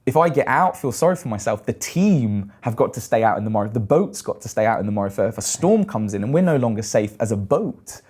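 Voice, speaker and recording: British man, thirties, warm mellow voice, lively storyteller, acts out quotes. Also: medium pitch, fast talker, few pauses. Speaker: guest, long-distance swimmer. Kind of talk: casual storytelling interview.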